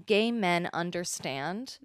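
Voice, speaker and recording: A woman's voice: on the low side, expressive, slow pace, no echo, studio quality. A woman co-hosting a podcast, joking wryly with a friend and drawing out her lines. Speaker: podcast co-host. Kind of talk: casual banter between friends.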